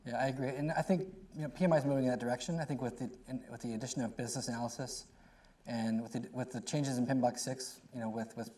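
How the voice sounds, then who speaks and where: A middle-aged man talks on a panel. He speaks conversationally and tells animated stories with quick asides. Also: medium pitch.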